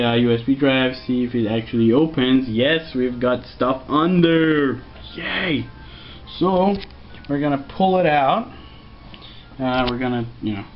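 Man, casual tech tutorial, rambling and jokey, dull lo-fi sound, faint music behind. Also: mid-range voice. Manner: rambling, joking, mock voices for the computer.

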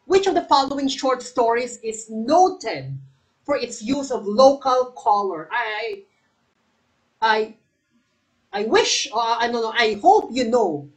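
On a low-quality recording, a fairly high-pitched Filipino woman quizzes viewers during a live exam review. She says each question twice, names who should answer, and mixes in Tagalog alongside her English.

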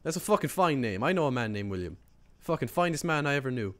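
A man's voice: mid-range voice, very animated, fast talker, a bit bright. An Irish man chatting during an online game, playfully mock-polite and teasing, swearing freely. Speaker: gamer and video host. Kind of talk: playful in-game roleplay chat.

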